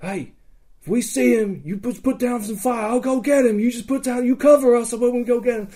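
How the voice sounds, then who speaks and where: Man putting on a brash high-pitched gunslinger. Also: flat delivery, very fast. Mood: urgent. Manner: urgent, shouting commands.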